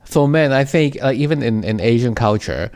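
A man with a mid-range voice sharing his thoughts on a casual podcast. He searches for words as he goes, restarting and repeating himself in a gentle, considered way. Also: mid-range voice, expressive, normal speed. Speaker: podcast co-host.

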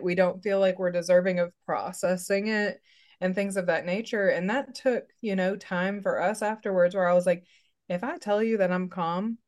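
Brief: woman therapist guest, animated storyteller, mid-range voice, relaxed chat. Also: mid-range voice. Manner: animated storyteller who acts out quotes. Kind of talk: casual interview chat.

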